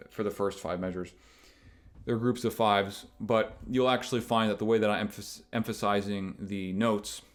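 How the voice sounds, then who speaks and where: A man with a fairly low voice explains rhythm ideas for the banjo in a loose, unscripted lesson. He rambles and restarts often, with plenty of fillers, and stops to count beats out loud. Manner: rambling, thinks aloud with many restarts and fillers; counts beats aloud while demonstrating. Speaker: banjo teacher. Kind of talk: casual instructional explanation.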